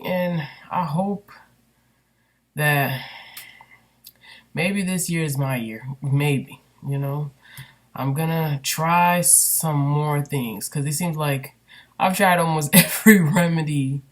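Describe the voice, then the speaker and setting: A woman candidly venting in a personal vlog, rambling and emotional with many fillers, recorded on a built-in computer microphone. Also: deep voice. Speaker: vlogger.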